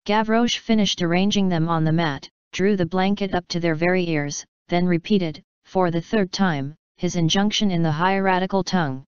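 A woman narrating a classic novel as an audiobook in a measured storytelling manner. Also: on the low side, smooth, no echo. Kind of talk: scripted narration. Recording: slightly dull, dry recording.

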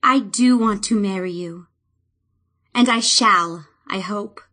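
A woman's voice: mid-range voice, takes it slowly, sharp tone. A woman reading as an earnest young druid woman. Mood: tender.

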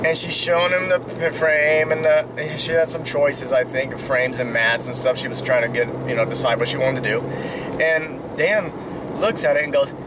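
A man casually telling a rambling story, chuckling and checking in with "right?" as he goes. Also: a little high. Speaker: vlogger. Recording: distant mic with loud outdoor traffic noise.

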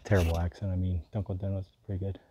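A man talks through his hiking day in a loose, self-mocking vlog, with dry jokes between updates. His voice sits a little low. Steady noise runs under the outdoor recording. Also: racing, lo-fi sound. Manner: wry, self-mocking running commentary. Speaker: long-distance hiker vlogging. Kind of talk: casual trail vlog.

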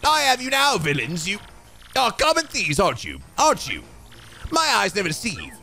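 A man's voice: high voice, huge pitch swings, normal speed, creaky, pushed and bright, soft background music, pitched above the performer's own voice, heavily acted. A man doing a pompous, snooty shopkeeper. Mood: haughty. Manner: pompous and theatrical.

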